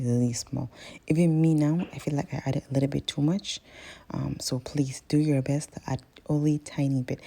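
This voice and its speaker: Gravelly low-voiced woman. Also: dark tone. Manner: chatty, rambling, keeps addressing viewers as guys. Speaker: cooking vlogger. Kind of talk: casual cooking vlog.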